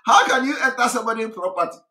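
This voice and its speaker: A man's voice: extremely high pitch, expressive, rapid-fire, bright, forceful tone. A man from southeastern Nigeria with a Nigerian accent, giving an impassioned political monologue, mocking and fiery, laughing between his points. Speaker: political activist broadcaster. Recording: roomy echo.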